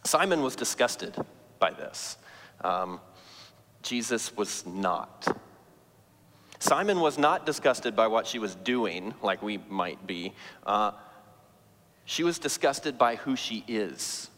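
A man's voice: fairly low pitch, sing-song, slow pace, pauses often, fairly bright tone, long reverb tail. A man preaching a sermon as pastor, telling the story with emphatic, rising stress.

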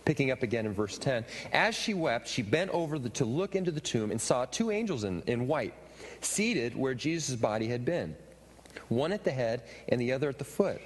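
Expressive male preacher in a reverberant hall. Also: mid-range voice, moderate pace. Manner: expressive preaching with rising emphatic questions. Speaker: pastor. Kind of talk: sermon. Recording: reverberant hall with faint ambient noise.

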